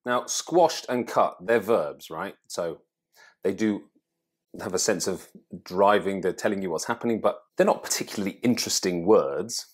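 A man with a low, husky voice speaks at a moderate pace. He is a presenting coach teaching to camera, conversational and thinking aloud as he explains.

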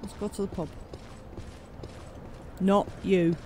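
A man's voice: high-pitched, level tone, slow, darkish tone, a little hiss or hum. A man giving casual, joking commentary while playing a video game, thinking aloud. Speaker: let's play gamer. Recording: game sounds and music behind.

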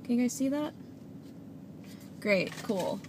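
A woman's voice: fairly high pitch, expressive, slow pace. Chatty young woman vlogging from her car. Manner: chatty, rambling, giggly. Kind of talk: casual vlog chat while driving. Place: inside a car. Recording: road and engine noise.

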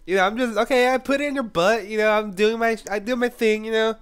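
A man with a cold talks in a fairly high, smooth and clear voice, his nose stuffed up and a cough breaking through now and then. He tells his story in a loose, rambling way as a casual commentator. He keeps dissolving into giggles between words. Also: fairly even intonation, quick pace. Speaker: YouTube gaming commentator.

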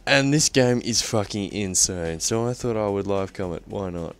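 A young Australian man commenting live on a game he is playing, excitable and swearing often. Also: lowish voice, moderate pace, smooth, faint music behind. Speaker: gaming commentator.

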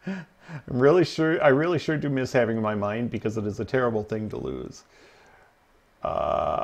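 A male livestream host chats casually during a gaming stream, rambling, laughing at his own stories, and saying um a lot. His voice is mid-range with vocal fry.

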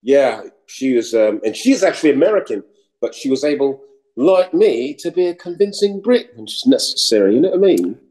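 Middle-aged New comic, chatty, animated raconteur. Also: male voice, mid-range voice, brisk, poor audio. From New York. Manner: animated storyteller, slips into mock British voices. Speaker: actor and comedian guest. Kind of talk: casual interview chat.

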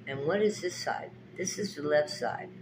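Talking at a normal speed in a low voice with background noise, this woman offers viewers a spiritual pep talk alongside tarot readings. She's folksy, preachy, and emphatic, speaking straight to them and repeating a lot.

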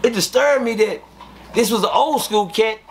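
A man with a fairly high voice tells prison stories in casual interview talk. He swears freely and acts out each person's lines as he goes. A faint hum of ambient noise sits behind him. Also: normal speed. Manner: profane, animated, acts out quoted dialogue. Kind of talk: casual storytelling.

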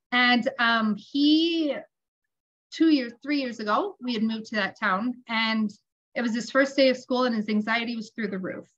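A woman telling family stories in an online interview, animated and acting out the dialogue she quotes. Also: on the high side, lo-fi sound. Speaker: tapping practitioner guest.

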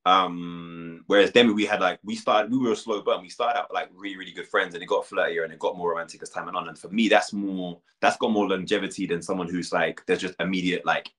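A man's voice: deep voice, fairly even intonation, fast talker, hardly any pauses, a bit bright. A young British man talking candidly as an interview guest, with many fillers and restarts. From United Kingdom. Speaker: reality show contestant, guest. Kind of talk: casual interview chat.

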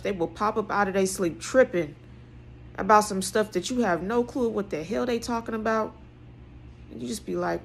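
A woman, giving an emphatic, preaching monologue that repeats phrases and swings between soft and loud. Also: medium pitch, creaky. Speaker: vlogger.

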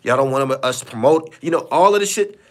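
A man's voice: medium pitch, expressive, fast talker. A man hosting a live stream, talking bluntly and profanely and repeating himself for emphasis. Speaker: podcast host. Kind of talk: casual live-stream commentary.

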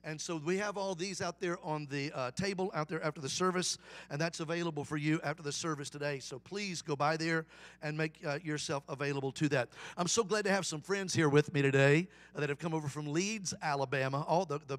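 A man's voice: fairly high pitch, brisk. A middle-aged man, a guest evangelist, preaching a folksy, humorous sermon. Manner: folksy, animated storyteller with humor.

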